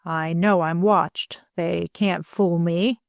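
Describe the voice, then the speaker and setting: A woman's voice: on the low side, steady tone, takes it slowly, creaky, no echo, studio quality. A woman voicing a paranoid, malicious old stepfather. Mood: secretive whisper. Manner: testy, commanding, secretive. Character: paranoid, malicious older male invalid stepfather.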